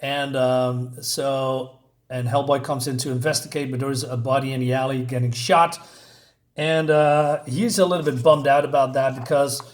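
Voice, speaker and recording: A man recapping a comic book plot in a casual video review, full of pauses and fillers. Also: mid-range voice, steady tone. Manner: hesitant, many fillers while retelling a plot.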